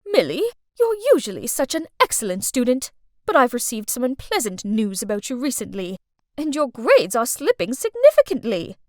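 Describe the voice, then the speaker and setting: A woman voicing a stern female school principal who scolds in a measured, disappointed way. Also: fairly high pitch, huge pitch swings, a little mellow, no echo, clean studio sound.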